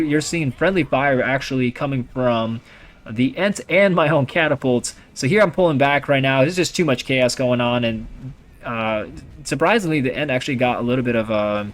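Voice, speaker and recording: A young man giving casual, rambling commentary over his own strategy gameplay, chatty and full of fillers and restarts. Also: mid-range voice.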